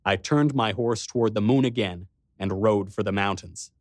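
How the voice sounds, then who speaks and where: A man reading a first-person adventure story aloud with expressive storytelling. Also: on the low side, moderate pace, no echo, studio quality. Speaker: narrator. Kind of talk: first-person audiobook narration.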